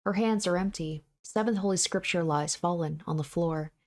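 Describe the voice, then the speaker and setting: A woman narrating a visual novel aloud in a soft, steady, measured voice. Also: lowish voice.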